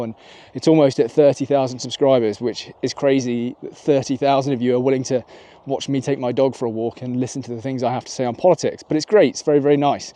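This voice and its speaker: A man's voice: medium pitch, dark tone. A man, giving chatty, opinionated political commentary while out walking his dog. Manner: opinionated, chatty, thinking aloud. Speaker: political vlogger. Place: outdoors on a walk with his dog.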